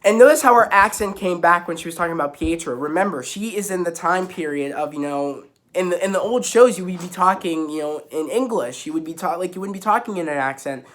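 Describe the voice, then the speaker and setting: A young man at home, excitedly recapping a TV episode to camera in a loose, rambling way full of restarts and fillers. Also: high voice, a little fast, hardly any pauses. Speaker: YouTuber reviewing a TV episode. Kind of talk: casual spoiler recap to camera. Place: at home with kittens around.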